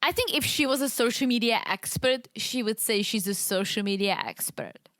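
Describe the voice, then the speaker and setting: A woman's voice: on the high side, normal speed, a bit bright, dry recording. A woman co-hosting a podcast, chatting casually and giggling often. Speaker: podcast co-host.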